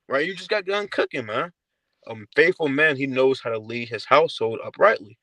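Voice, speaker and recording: A man's voice: medium pitch, animated, brisk, a bit bright, no echo, low-quality recording. A man speaking casually about scripture, ending lines with "man.". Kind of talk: scripture teaching.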